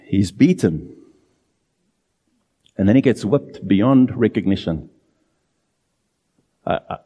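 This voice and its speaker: A man preaching a sermon in an earnest, emphatic way, drawing out key phrases slowly. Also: on the low side, dark tone, husky, big-room sound.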